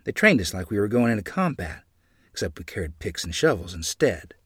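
A man narrating a memoir in the first person with a dramatic, expressive delivery. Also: fairly low pitch, fairly quick, husky, no room sound, studio quality.

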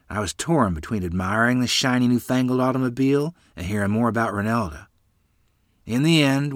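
A man's voice: on the low side, fairly bright tone, no room sound, clean studio sound. A man reading a rural family memoir aloud as storyteller, voicing the people in it.

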